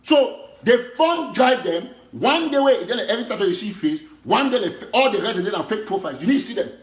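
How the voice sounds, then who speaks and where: Impassioned high-voiced Cameroonian activist man. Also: lively intonation, fairly quick, reverberant. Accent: Cameroonian Pidgin English. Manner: impassioned, emphatic, repetitive. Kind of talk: political monologue.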